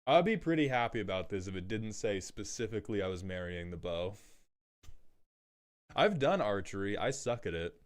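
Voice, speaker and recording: A man casually joking his way through card game deck reviews, with quick self-deprecating asides. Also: on the low side, animated.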